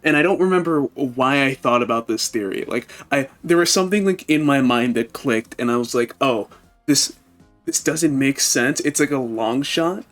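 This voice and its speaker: A man's voice: medium pitch, moderate pace, faint music behind. A man in a loose group chat, thinking aloud with many restarts and fillers, swearing freely. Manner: rambling, stumbling, swears freely. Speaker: friend in group discussion. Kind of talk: casual group chat over a call.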